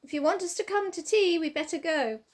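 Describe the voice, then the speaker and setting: A woman's voice: extremely high pitch, a little fast, pitched above the performer's own voice. A woman as an eager, bold young boy. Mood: urgent. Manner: keen, calls out eagerly.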